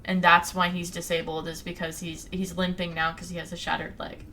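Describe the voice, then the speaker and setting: A young woman co-hosts a podcast, casually recapping a book and retelling its story with little quoted voices. Her voice is lowish, bright and forceful, level in tone and fairly quick, with a little hiss or hum underneath.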